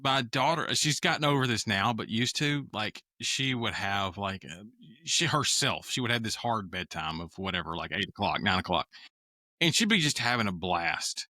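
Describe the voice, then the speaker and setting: A man's voice: lowish voice, animated, normal speed, pushed and bright, no room sound. A man chatting casually on a podcast, telling anecdotes with easy laughter. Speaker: podcast co-host or guest. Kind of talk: casual chat.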